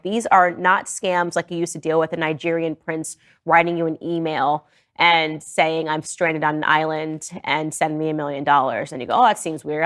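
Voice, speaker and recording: A woman with a fairly low voice speaks in an earnest, urgent podcast commentary. She sounds steady and pressing as she warns her listeners. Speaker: podcast host. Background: played in a reaction video.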